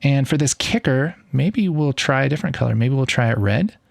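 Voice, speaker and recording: Upbeat man teaching software, dry close sound. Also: medium pitch, animated, fairly quick, vocal fry, few pauses, dry recording. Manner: upbeat, enthusiastic, easygoing. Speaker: video editing tutor. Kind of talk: casual screen-recorded tutorial.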